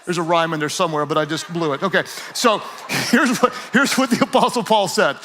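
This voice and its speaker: High-voiced man preaching with rising energy. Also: a little fast, slight background noise. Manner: energetic, builds to shouting; playful, acts out quoted voices. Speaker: pastor. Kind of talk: sermon.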